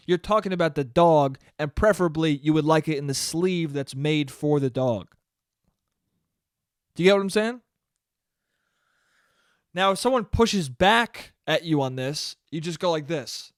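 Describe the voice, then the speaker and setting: A young man delivering a solo comedy podcast rant that is animated and profane, slipping into acted-out snippets of dialogue. His voice sits a bit high for a man. The sound is dry and close, with no room echo. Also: normal speed. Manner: ranting, animated, profane, acts out quoted dialogue. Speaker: podcast host.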